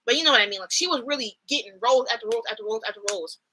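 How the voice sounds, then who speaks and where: A young woman chatting casually on a live stream, expressive and slangy, swearing freely and reacting to chat. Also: a little high, very fast, slightly rough, low-quality recording.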